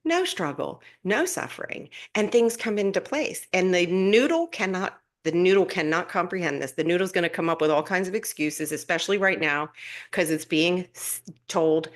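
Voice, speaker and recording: A woman's voice: on the low side, normal speed. Earnest woman giving a spiritual talk. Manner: warm, earnest, laughs often, loose and rambling with restarts. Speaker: spiritual teacher hosting a live stream. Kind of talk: casual spiritual talk on a live stream.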